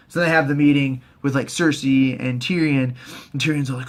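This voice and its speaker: A man casually recapping a TV season in a rambling, profane way, often jumping into squeaky put-on voices for the characters. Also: fairly even intonation, moderate pace. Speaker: host.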